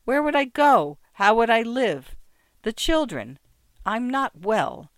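A man voicing a battered, desperate woman nearly fifty, pleading and frightened, his pitch pushed well up. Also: lively intonation, moderate pace, a bit bright, no room sound.

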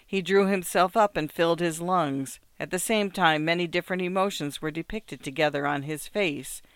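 A narrator reading classic fiction aloud in a measured, even storytelling manner. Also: mid-range voice, smooth, dry recording.

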